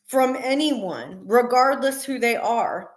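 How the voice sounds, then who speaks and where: Middle-aged woman, casual live-stream chat, unhurried, earnest, emphatic, fillers, roomy echo. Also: fairly high pitch, expressive.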